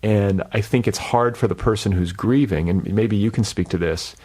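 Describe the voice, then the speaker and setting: Guy hosting a podcast, kinda low voice, swears a lot, chatty and self-deprecating. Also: moderate pace, a little mellow, slightly rough. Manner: candid, profane, self-deprecating, many fillers. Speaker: podcast host. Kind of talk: casual conversation.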